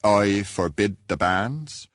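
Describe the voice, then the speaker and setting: A man voicing a solemn rustic villager who tells his tale with grave, deliberate emphasis. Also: on the low side, lively intonation, no room sound. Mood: earnest. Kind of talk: audiobook character reading.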